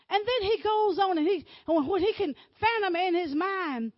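A woman preaching a sermon, swinging from loud exclamations to hushed whispers. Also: extremely high pitch, expressive, normal speed, hardly any pauses, dry recording, dull audio.

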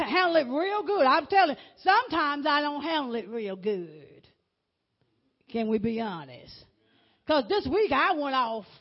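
Fervent preaching woman, lo-fi sermon. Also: high-pitched. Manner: fervent, repeats words, calls out to congregation. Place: church before a congregation. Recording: dull lo-fi recording.

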